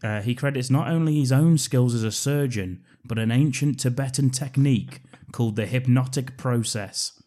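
Guy cohosting a film podcast, laughs a lot, swears, mid-pitched everyday voice. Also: moderate pace, mellow. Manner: giggly, sweary, breaks into laughter often. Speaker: podcast co-host. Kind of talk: casual film-review chat.

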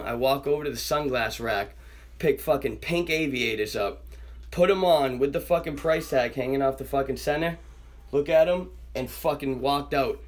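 A young man telling a wild story in casual chat, swearing constantly and acting out the voices of the people in it. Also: medium pitch. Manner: animated, swears constantly, acts out quoted voices. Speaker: podcast guest storyteller.

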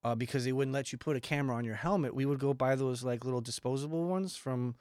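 A man's voice: medium pitch, fast, a little mellow, dry recording, clean studio sound. A man, a tandem skydiving instructor, talking in laid-back, rambling conversation full of fillers. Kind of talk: casual conversation.

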